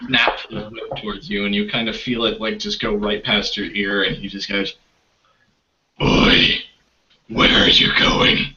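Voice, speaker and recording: A man narrating as game master in loose, halting speech full of fillers, over a video call. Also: lowish voice, flat delivery, sharp tone. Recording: distant, dull lo-fi call audio.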